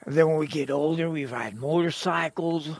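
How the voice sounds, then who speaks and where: A man's voice: on the high side, normal speed, creaky, no echo. A middle-aged man telling stories casually on a live stream, rambling and profane, often chuckling.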